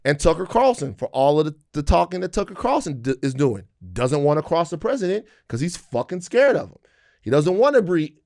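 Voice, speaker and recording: A man co-hosting a podcast, talking politics in a casual, profane, animated way and acting out quotes. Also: medium pitch, no echo, studio quality. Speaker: podcast co-host.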